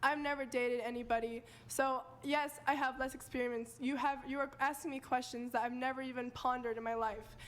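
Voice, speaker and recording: A young woman holds her ground in a heated debate, defensive and almost pleading. Her voice sits high. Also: steady tone, fairly quick, hardly any pauses. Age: young adult. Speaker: podcast panelist.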